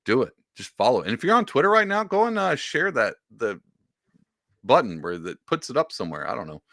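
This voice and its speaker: A sarcastic male podcast host reads posts aloud and leans hard on the words he wants to stress. His voice is bright and forceful. The sound is close and dry. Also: medium pitch, big pitch swings, brisk, gravelly, no echo. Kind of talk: casual commentary.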